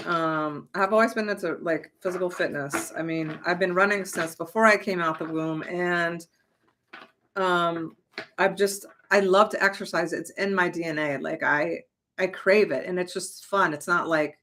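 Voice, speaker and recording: A woman's voice: lowish voice, a bit bright. A young adult woman giving a casual, emphatic motivational talk as a manifestation coach, chatty and swearing lightly.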